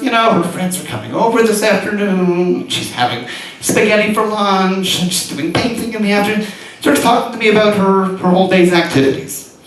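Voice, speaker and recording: A man giving a lecture as a rabbi, telling a personal story with animation and frequent laughs. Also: sits high. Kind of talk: storytelling talk to an audience. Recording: echoey hall, mic far off, faint noise.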